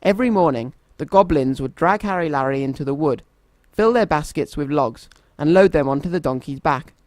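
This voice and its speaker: A man reading a children's story aloud in a gentle, expressive storytelling manner. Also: fairly high pitch, brisk, no room sound.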